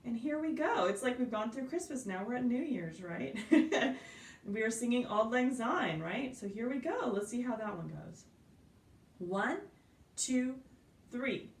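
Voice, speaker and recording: A woman's voice: fairly high pitch, expressive, measured pace. A woman teaching a beginner piano lesson, explaining patiently, counting aloud and checking in with her students. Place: indoors at a piano. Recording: roomy sound from off-mic, piano behind.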